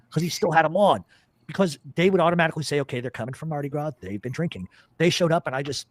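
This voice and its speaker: A middle-aged man hosting a podcast, telling stories in a profane, animated casual chat. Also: a little high, rapid-fire, no room sound. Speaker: podcast host.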